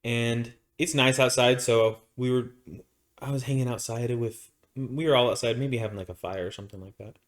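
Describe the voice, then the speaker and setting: A man's voice: medium pitch, steady tone, normal speed. A man co-hosting a podcast, from Arizona, telling a long story in a casual, rambling way with many restarts and fillers. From Arizona, United States. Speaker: podcast co-host.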